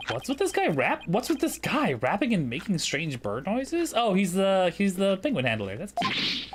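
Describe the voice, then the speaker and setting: A woman's voice: medium pitch, wildly swooping pitch, moderate pace. A woman chatting casually and joking while playing through a story game. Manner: jokey, giggly, puts on character voices. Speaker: game streamer. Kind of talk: casual let's-play chat. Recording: game music playing behind.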